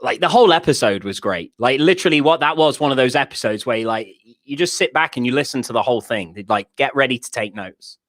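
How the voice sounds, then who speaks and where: A man's voice: medium pitch, animated, fast, hardly any pauses, fairly bright tone. Easygoing British man co-hosting a podcast. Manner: easygoing, hesitant, filler-heavy. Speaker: podcast co-host. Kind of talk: casual podcast chat.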